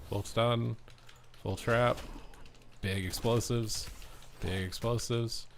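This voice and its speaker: A man's voice: mid-range voice, steady tone, takes it slowly, creaky, pauses often, slight background noise. A young man streaming a game, giving live play-by-play in an incredulous, reactive way full of slang. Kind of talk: live gameplay commentary.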